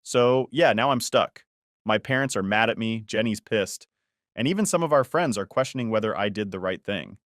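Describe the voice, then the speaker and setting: A man narrating a first-person family story in a steady, conversational way. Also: fairly low pitch, moderate pace, no room sound, clean studio sound.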